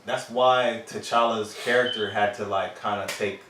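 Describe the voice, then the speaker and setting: A man talks loosely in a group discussion, halting, restarting and acting out movie scenes. He sits away from the mic, so his voice comes through a roomy, echoey space with a faint hiss. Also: lowish voice, steady tone, a bit bright. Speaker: podcast co-host. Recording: echoey room, far from mic, faint noise.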